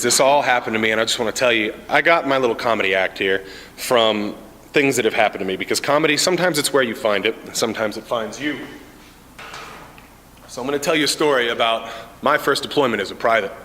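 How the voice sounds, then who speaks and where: A man telling stand-up comedy stories in a casual, deadpan way, with many "uh" fillers, recorded in an indoor common area. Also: mid-range voice, fast talker. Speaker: amateur stand-up comic, Army sergeant. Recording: reverberant indoor room.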